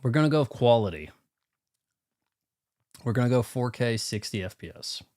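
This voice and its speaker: A man's voice: mid-range voice, expressive, normal speed, darkish tone, soft background music. Rambling self-mocking male game streamer. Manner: rambling, self-deprecating, talks to chat. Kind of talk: casual live-stream chat.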